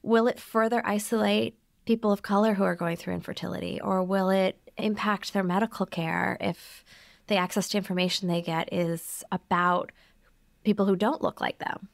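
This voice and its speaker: A woman hosting a podcast who asks measured, thoughtful interview questions. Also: mid-range voice, steady tone, vocal fry, dry recording. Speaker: podcast host.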